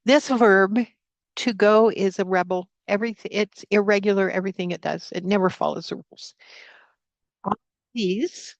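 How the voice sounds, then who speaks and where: Woman, online Spanish teacher, gravelly voice, dry close sound, leads prayer and drills. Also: medium pitch, fairly even intonation, normal speed, dry recording, dull audio. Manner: prays aloud, then drills vocabulary with repetition. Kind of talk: live online class teaching. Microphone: computer mic on a video call.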